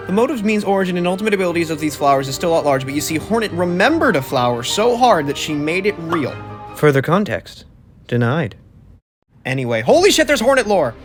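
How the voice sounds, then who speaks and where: A man tears through a comedic game recap at a breakneck clip, his voice sitting a little high. He is sarcastic and profane, flipping from deadpan asides into loud excited outbursts. Faint music plays quietly behind the voice-over. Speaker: gaming video commentator.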